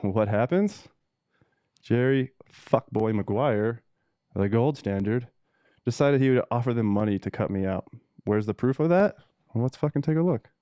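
A man's voice: mid-range voice, lively intonation, normal speed, warm tone, clean tone, dry recording, studio quality. A man telling a heated, profanity-filled story in a casual monologue, ranting and reading messages aloud. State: emotional, teary at times. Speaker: cannabis seed breeder telling a story.

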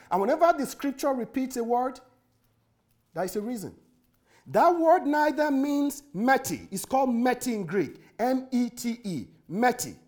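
High-voiced man preaching with emphasis. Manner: emphatic, repeats key words, spells out words letter by letter. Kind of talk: sermon.

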